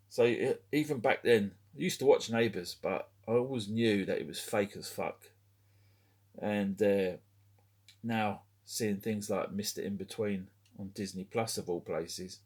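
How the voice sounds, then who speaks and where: A middle-aged man chatting casually to camera as a collectibles vlogger, rambling, swearing a lot, chuckling and trailing off mid-thought. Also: on the low side.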